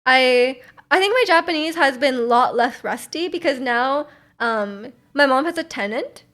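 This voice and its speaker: A woman's voice: high-pitched, expressive, normal speed, a bit bright. A young woman from North America, hosting a livestream and chatting casually in a rambling, giggly way with lots of fillers. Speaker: livestream host. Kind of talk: casual stream chat.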